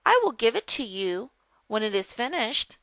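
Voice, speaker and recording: A woman voicing a kind young farm boy in a primer dialogue, speaking gently. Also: on the high side, big pitch swings, moderate pace, no echo. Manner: gentle, kindly offering. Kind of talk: reading a primer dialogue aloud.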